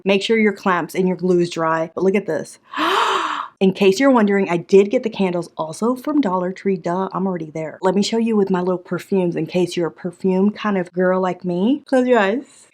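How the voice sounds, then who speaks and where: A young woman vlogging a casual DIY tutorial, chatty and excitable, often talking straight to her viewers. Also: on the low side. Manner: chatty, excitable, addresses viewers as "you guys".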